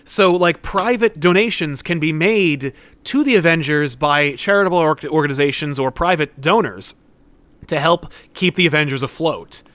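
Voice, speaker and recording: A man's voice: fairly high pitch, animated, normal speed, fairly bright tone, no echo. A young man co-hosting a casual podcast, rambling through theories with lots of fillers. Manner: rambling, acts out characters. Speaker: podcast co-host. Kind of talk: casual comic-book chat.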